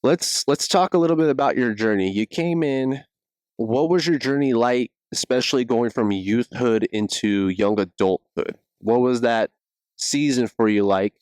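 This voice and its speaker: A young man hosts a relaxed ministry podcast. He tells stories with energy, jumping into playful acted-out voices. The sound is dry and close. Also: normal speed, clean tone, dry recording. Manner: animated storyteller, acts out quotes in high voices. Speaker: youth pastor, podcast host. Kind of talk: casual interview chat.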